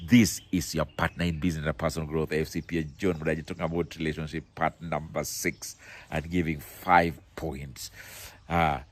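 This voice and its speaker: A man's voice: very deep voice, level tone, normal speed, slight background noise. A middle-aged man giving motivational marriage advice, emphatic and repeating his key words. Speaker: business and personal growth speaker.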